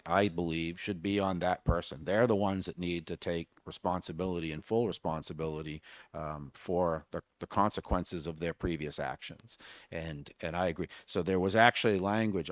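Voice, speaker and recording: A man testifying as a bill sponsor before a legislative committee, earnest and halting as he works through his points. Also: low voice, dry recording. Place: state house committee room.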